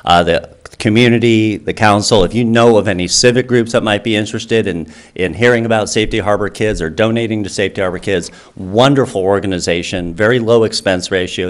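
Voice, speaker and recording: A man who founded a charity, speaking earnestly to a town council with many fillers and restarts. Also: low-pitched. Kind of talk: public comment speech.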